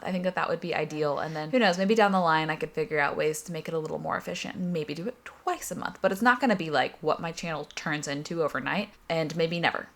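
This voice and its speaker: A woman's voice: lowish voice, a bit bright. A young woman vlogger chatting casually and upbeat while baking in her home kitchen. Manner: chatty, upbeat, self-deprecating.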